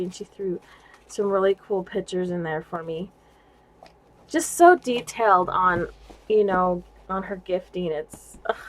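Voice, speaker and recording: A woman vlogging casually about craft gifts she received, gushing and excitable and laughing often, at home indoors. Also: medium pitch, rough recording. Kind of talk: casual show-and-tell vlog.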